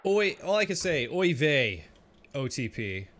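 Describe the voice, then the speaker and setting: A man's voice: on the high side, sing-song, measured pace, a bit bright, a little hiss or hum. A man streaming a game and chatting with viewers, often exclaiming and laughing as he plays. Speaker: gaming streamer. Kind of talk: let's play commentary.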